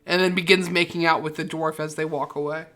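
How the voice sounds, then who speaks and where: A woman's voice: low voice, fairly even intonation, brisk, fairly bright tone. A woman narrating a tabletop game as game master, describing scenes in vivid detail with many fillers.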